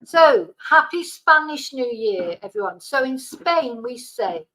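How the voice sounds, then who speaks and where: High, bright-voiced woman chatting slowly. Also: animated, poor audio. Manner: chatty, soothing her dog between remarks. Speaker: live-stream host. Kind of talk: casual chat to viewers. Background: faint fireworks.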